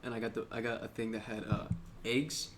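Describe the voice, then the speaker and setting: A young man co-hosting a casual podcast, rambling and joking as he tells animated stories. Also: mid-range voice, brisk, background noise. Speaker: podcast co-host. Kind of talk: casual chat. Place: small room.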